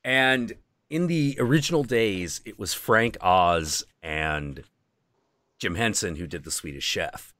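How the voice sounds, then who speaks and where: A man's voice: lowish voice, slow pace, fairly bright tone, no room sound. A man hosting a stream, chatting casually in a loose, profane way with lots of fillers. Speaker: stream host. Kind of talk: casual chat.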